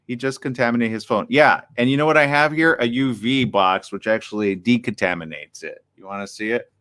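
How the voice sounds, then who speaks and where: Male morning host, animated and excitable, riffs hard, reads out chat comments. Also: mid-range voice, a little fast, clean tone. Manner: reads viewer comments aloud. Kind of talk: live streamed talk show chat.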